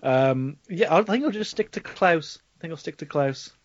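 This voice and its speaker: A fairly high-voiced man with a Black Country accent rants about a film he disliked, swearing freely and laughing as he goes. The audio is dry and a little dull. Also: animated, normal speed, dry recording. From Black Country, England. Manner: sweary, ranting, laughing often. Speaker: podcast co-host. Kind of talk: casual film review chat.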